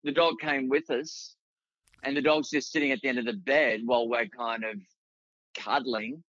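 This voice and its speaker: A man's voice: medium pitch, steady tone, normal speed, fairly bright tone, dry recording, lo-fi sound. An Australian man telling rambling anecdotes as a guest, with many restarts and fillers. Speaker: guest, writer and actor. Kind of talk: casual storytelling in a podcast interview.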